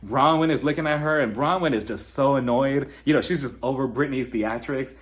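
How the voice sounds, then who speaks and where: A man casually recapping a reality TV episode in an animated, gossipy way. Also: mid-range voice, a little fast. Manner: animated, gossipy, laughs often. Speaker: reality TV reviewer.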